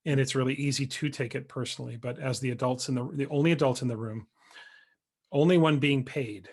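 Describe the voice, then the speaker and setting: A man's voice: mid-range voice, steady tone, brisk, darkish tone. A man hosting a podcast interview, reflective and affirming as he talks. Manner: reflective, frequent affirming backchannels. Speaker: podcast host. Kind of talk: conversational interview.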